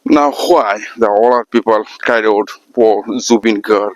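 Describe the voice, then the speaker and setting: A man from Assam, an artist and art teacher who talks to the camera in halting English, with many pauses. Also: lowish voice, dry recording, dull audio. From Assam, India. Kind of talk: casual spoken talk to camera.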